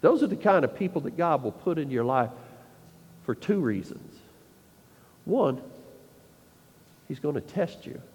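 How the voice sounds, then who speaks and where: A man preaching a sermon, emphatic and full of rhetorical questions, often dropping to a quiet, intense tone. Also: fairly high pitch, sing-song, moderate pace, pauses often, husky, big-room sound.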